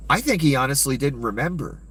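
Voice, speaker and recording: A man's voice: mid-range voice, sing-song, brisk, a bit bright, breathy edge. A man giving an angry, profane and sarcastic rant of political commentary.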